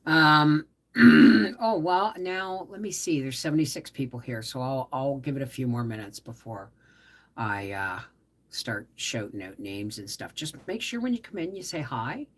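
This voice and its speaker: A middle-aged woman hosts a casual live stream, her voice low and her pace unhurried. She sounds worn out from a migraine, speaking softly, trailing off mid-thought and greeting viewers by name. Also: expressive. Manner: slow, soft-spoken, trailing off, greeting viewers warmly by name. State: tired from a migraine. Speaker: livestream host.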